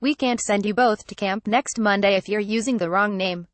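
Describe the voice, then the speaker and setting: A woman narrating a memoir excerpt in an even, measured reading voice that changes little for the quoted lines. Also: medium pitch, dry recording. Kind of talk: steady read-aloud narration.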